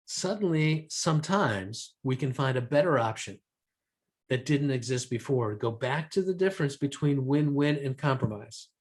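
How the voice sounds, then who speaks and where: A man teaching a negotiation seminar to a live room, quizzing the audience and keeping a brisk, lively delivery. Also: a little high. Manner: lively, asks the audience questions. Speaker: negotiation trainer.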